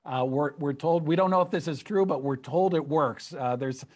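A man's voice: on the high side, moderate pace. A man co-hosting a sports media podcast, chatting casually and often repeating words as he restarts. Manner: relaxed, stumbling over repeated words. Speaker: podcast co-host.

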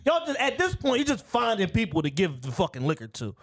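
A man with an American accent, telling a wild night-out story in loose, profane podcast banter. His voice sits a touch higher than most men's. The sound is dry and close, with no room echo. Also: wildly swooping pitch, fairly quick. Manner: profane, storytelling, laughs often. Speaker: podcast co-host. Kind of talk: casual chat.

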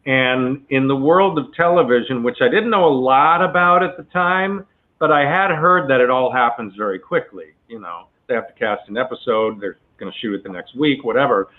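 A man's voice: mid-range voice, moderate pace. Man telling anecdotes over a phone line. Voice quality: chatty, peppered with asides. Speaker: actor guest telling a story. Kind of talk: relaxed anecdotal interview.

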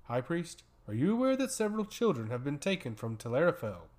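A man's voice: on the high side, very animated, brisk, darkish tone. A man doing an urgent pleading blacksmith. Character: determined male blacksmith father, pleading.

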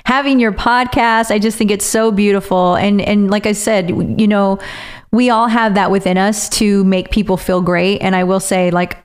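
A woman's voice: mid-range voice, fairly even intonation, normal speed, clear, resonant tone. A woman speaking sincerely and encouragingly as a podcast guest. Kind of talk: heartfelt casual conversation.

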